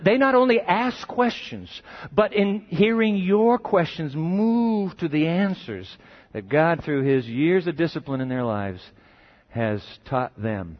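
Lively preacher man, fairly high voice. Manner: lively, conversational, asks the congregation questions. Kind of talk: sermon. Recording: dull muffled recording.

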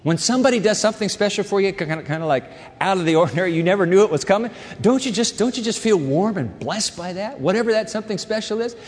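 Male pastor, fairly high voice, emphatic sermon delivery, long hall reverb. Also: expressive, quick pace, hardly any pauses. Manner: emphatic preacher, repeats words, swings between quiet and loud.

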